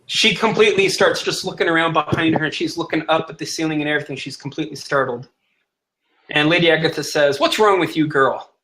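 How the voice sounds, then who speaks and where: A man's voice: fairly high pitch, steady tone, fast talker, sharp tone, poor audio. A man narrating as game master of a tabletop role-playing game, who plays the characters in his own voice.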